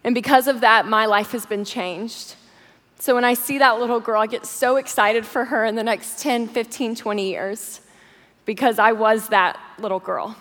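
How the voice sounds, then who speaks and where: A woman's voice: on the high side, fairly even intonation, moderate pace, a bit bright. Woman telling a heartfelt story in a hall. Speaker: guest speaker. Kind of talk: storytelling sermon. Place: large church auditorium. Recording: long hall reverb.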